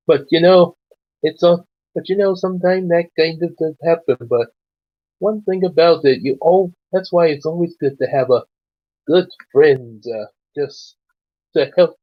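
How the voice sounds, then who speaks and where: A man's voice: fairly high pitch, measured pace, highs cut off. A man reading a story aloud and breaking off for rambling, chatty asides. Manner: rambling asides, many "you know"s. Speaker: storyteller and host. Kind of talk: casual story reading with commentary.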